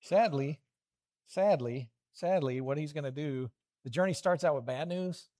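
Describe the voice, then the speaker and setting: A man, middle-aged, preaching a lively children's sermon, animated storytelling with playful voiced asides. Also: fairly high pitch, unhurried.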